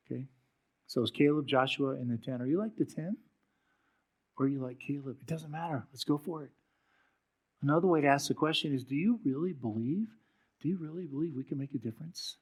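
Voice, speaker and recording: Man preaching a sermon, telling a story. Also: medium pitch. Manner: storytelling, asks the congregation direct questions; closes in a slow, soft prayer. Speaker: pastor. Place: church.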